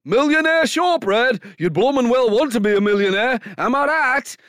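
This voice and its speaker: A brash, indignant northern bloke, as a man puts him on in a comedy bit, louder and higher than an everyday voice. The delivery is exaggerated and punchy, every line landing like a punchline. The sound is dry and close. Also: animated, moderate pace, clear, resonant tone, no echo. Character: cheeky northern English comic bloke, indignant. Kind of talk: comedy impression.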